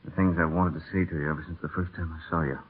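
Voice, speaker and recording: An actor playing a passionate young stable hand in a 1930s radio drama, bold and pleading. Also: male voice, low voice, fairly even intonation, very fast, slightly rough. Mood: ardent. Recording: thin, phone-like old radio broadcast.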